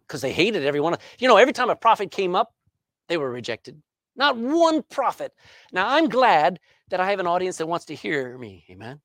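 A middle-aged man preaching a sermon, swinging between loud emphasis and hushed asides. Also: sits high, sing-song, a little fast, no room sound, clean studio sound. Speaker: pastor. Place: church sanctuary.

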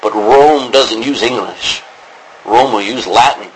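A man with a medium-pitched voice teaches a classroom lecture on biblical Greek, speaking slowly and rambling with many ums and restarts. The low-quality recording carries slight background noise.

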